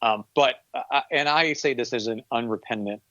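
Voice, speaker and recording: A man talking casually about sport, skeptical and opinionated, working his thoughts out as he goes. His voice sits at an ordinary middle pitch. The recording is dull and a little muffled, and the sound is dry and close. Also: normal speed, bright, forceful tone, no room sound. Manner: opinionated, skeptical, thinking aloud. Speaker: podcast co-host.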